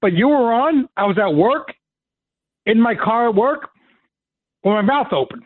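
A male caller phones into a talk radio show, gushing with excitement. His voice is high and bounces around. He comes through a tinny, dry phone line. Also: a little slow, no echo. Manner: excited, gushing, laughs easily.

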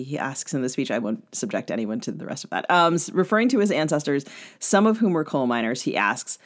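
A woman's voice: rumbling low, very animated, brisk. Woman podcast co-host explaining background. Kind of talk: conversational interview, reading background notes.

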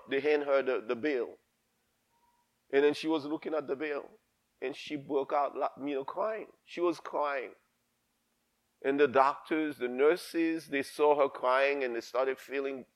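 Pastor, male, high voice, preaches with fire and repetition. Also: fairly even intonation, a little slow, pauses often. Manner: impassioned, emphatic, repeats himself. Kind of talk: sermon.

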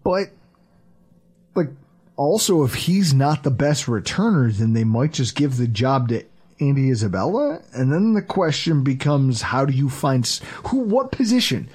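Husky, animated man talking sports. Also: mid-range voice, normal speed. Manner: animated, profane, acts out quotes. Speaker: podcast host. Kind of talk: casual sports podcast chat.

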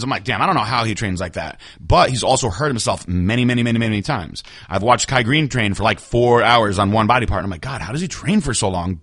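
Fast-talking young man, crisp and dry. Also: mid-range voice, dry recording. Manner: fast, animated storyteller who acts out quotes with laughs. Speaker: podcast host, bodybuilder. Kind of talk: casual chat.

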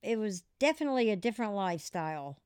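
Smooth-voiced woman telling candid stories. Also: medium pitch, quick pace, no echo, studio quality. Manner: animated, laughs as she tells it. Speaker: interview guest. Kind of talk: candid storytelling interview.

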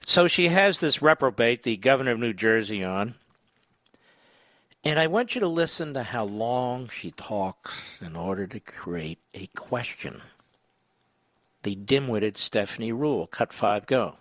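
A man's voice: medium pitch, animated, measured pace, fairly bright tone, dry recording. A man hosting talk radio, delivering combative, sarcastic commentary.

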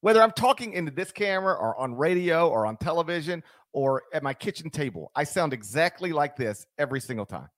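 A man's voice: a little high, big pitch swings, a little fast, hardly any pauses, fairly bright tone, dry recording, clean studio sound. A man hosting a sports radio show in casual, joking banter with his co-host.

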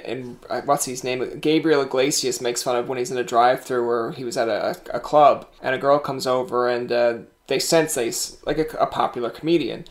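A man hosting a podcast interview, chatting in a rambling, teasing way. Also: medium pitch. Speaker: podcast host. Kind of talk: casual interview chat.

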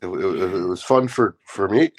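A man with a stuffed-up nose, co-hosting a casual sports podcast and talking in a laid-back, halting way, with plenty of swearing. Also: deep voice. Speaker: podcast co-host.

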